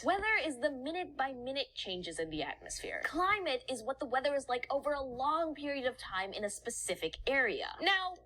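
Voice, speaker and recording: Lively female narrator, higher pitch with plenty of swing, scripted explainer delivery. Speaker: narrator of an educational video.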